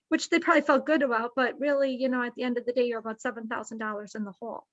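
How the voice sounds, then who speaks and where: Woman podcast guest, high voice, animated storyteller, dry and slightly dull sound. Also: racing, few pauses, no echo. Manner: acts out quoted dialogue with lively shifts in pace. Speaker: nonprofit executive, guest.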